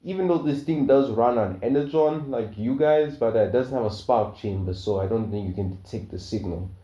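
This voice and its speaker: A man's voice: medium pitch, fairly quick, warm tone, reverberant, lo-fi sound, close to an everyday voice. A man voicing a practical male military agent who speaks hesitantly, in a fan-told story. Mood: doubtful.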